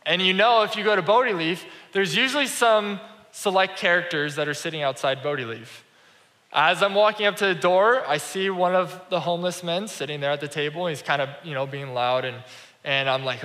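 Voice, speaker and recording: A man's voice: on the high side, a little fast, bright, forceful tone. A man giving a sermon, telling a personal story in a conversational way and acting out the dialogue. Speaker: pastor. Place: church sanctuary. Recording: reverberant church hall.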